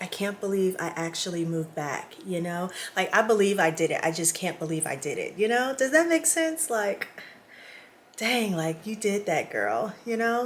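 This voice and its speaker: A woman's voice: mid-range voice, fairly bright tone, a little hiss or hum. A woman vlogger talking casually to camera in a small indoor guest room. She is emotional and close to tears, and chats directly with her viewers. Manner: chatty, addresses viewers directly.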